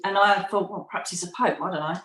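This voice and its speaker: A woman's voice: mid-range voice, fast, a bit bright, roomy sound, slight background noise, rough recording. A middle-aged woman, a podcast guest, telling a personal story animatedly and acting out quoted voices. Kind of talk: storytelling in an interview.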